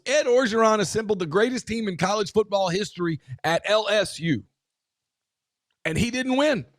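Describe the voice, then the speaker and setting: A man co-hosting a casual sports talk show, talking in an emphatic way with quick asides and restarts. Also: high-pitched, no room sound, clean studio sound. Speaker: podcast co-host.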